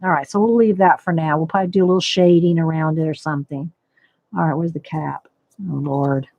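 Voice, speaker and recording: Speaking fast in a deep, fairly even voice, a woman leads a casual live coloring session, talking through her process and calling out viewers by name. The audio is narrow and tinny, with no echo.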